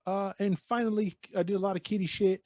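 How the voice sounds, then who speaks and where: A man co-hosting a casual podcast, rambling through his thoughts with plenty of swearing and the odd bit of Spanish slang. His voice sits a little high for a man, and the recording is close and dry. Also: steady tone, fast talker, mellow, dry recording. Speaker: podcast co-host. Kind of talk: casual chat.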